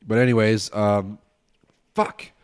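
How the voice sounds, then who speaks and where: A man's voice: lowish voice, steady tone, takes it slowly, clean tone, no room sound, studio quality. A man hosting a casual solo podcast at home, ranting and swearing in a loose, tipsy way, his nose stuffed up. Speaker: podcast host.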